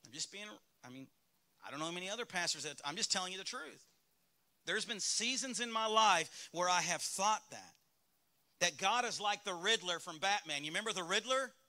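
Bright-voiced Southern pastor preaching. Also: male voice, high voice, animated, moderate pace. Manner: candid, conversational preaching with rhetorical questions to the congregation. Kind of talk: sermon. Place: church sanctuary.

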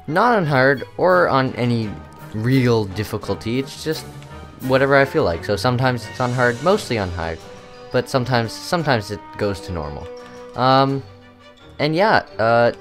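This young man hosts a gaming video, chatting loosely over his gameplay with plenty of ums and uhs. His mid-range voice is slightly bright.

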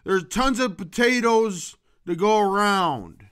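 Slow, bright-voiced rambling man. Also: sits high, lively intonation, smooth. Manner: rambling, shifts from loud outbursts to muttering. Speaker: vlogger. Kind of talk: rambling comedic monologue.

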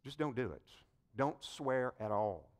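A man preaching quotes a calm male teacher's command in a soft, measured, firm voice. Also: mid-range voice, lightly acted.

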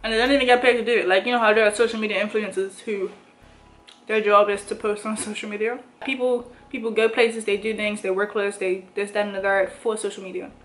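A woman's voice: medium pitch, fairly even intonation, quick pace, a bit bright, soft background music, poor audio. Rambling young woman vlogger. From Bermuda. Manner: rambling, restarts and rephrases her thoughts. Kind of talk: casual chat while eating.

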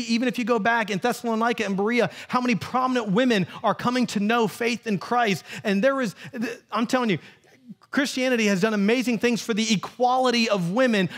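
A man in his thirties, a pastor preaching a lively sermon and acting out quotes in playful voices. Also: high voice. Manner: animated, acts out quotes in funny voices. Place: church sanctuary.

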